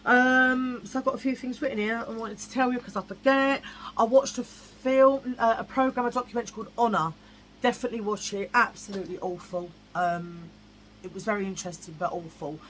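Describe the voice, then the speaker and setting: A woman vlogger talks in a blunt, chatty way, with a voice pitched a little high. She often repeats herself for emphasis. Faint hiss sits in the background. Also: fairly even intonation, fairly quick, fairly bright tone, low-quality recording. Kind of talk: casual chat.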